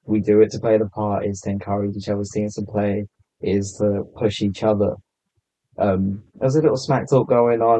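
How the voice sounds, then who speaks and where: A man chatting as a podcast guest in a laid-back, low-key way. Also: little pitch movement, normal speed, mellow, no room sound. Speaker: podcast guest, content creator. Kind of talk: casual podcast chat. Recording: slightly muffled lo-fi sound.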